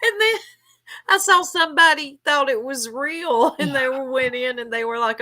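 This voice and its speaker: A woman's voice: sits high, animated, moderate pace, sharp tone. A woman hosting a casual gossip chat, laughing often and reading chat names aloud. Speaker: stream host.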